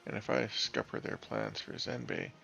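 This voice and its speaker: A scheming rival drops deep into a growling, gravelly register. He mutters his plans slyly and conspiratorially. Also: big pitch swings, normal speed, pushed and bright, dull audio, exaggerated voice. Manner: sly, conspiratorial. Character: scheming sly male rival plotting.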